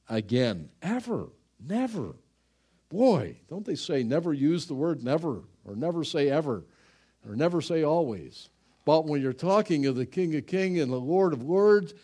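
A man preaching a sermon. He speaks slowly and dramatically and breaks into sudden loud exclamations. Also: fairly high pitch. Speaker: pastor.

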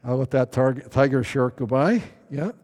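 A man preaching a verse-by-verse Bible sermon in a chatty way, with many fillers and restarts, acting out quoted voices with big jumps in pitch. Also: moderate pace, darkish tone. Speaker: pastor. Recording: long hall reverb.

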